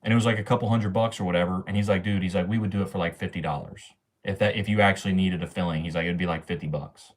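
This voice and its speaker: A man's voice: low voice, steady tone, fast talker. A young man chatting casually on a livestream, ranting in slang and swearing often while he answers his chat.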